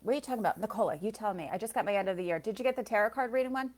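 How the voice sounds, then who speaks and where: A woman who works as a psychic reader and soul coach chats loosely on a live stream, her medium-pitched voice racing over slight background noise. She rambles between thoughts, laughs often, and answers viewers by name.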